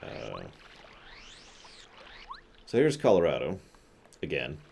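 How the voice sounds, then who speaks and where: A man's voice: a bass voice, huge pitch swings, takes it slowly, creaky, a little mellow, breathy edge. A man streaming a game, chatting casually and reading viewers' comments. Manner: laid-back, chatty.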